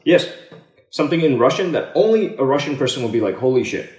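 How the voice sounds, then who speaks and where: A man's voice: fairly high pitch, sing-song, fast talker, darkish tone, roomy sound. A man hosting a casual chat, who keeps pressing his question with jokes and casual swearing. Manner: persistent, joking, swears casually. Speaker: host.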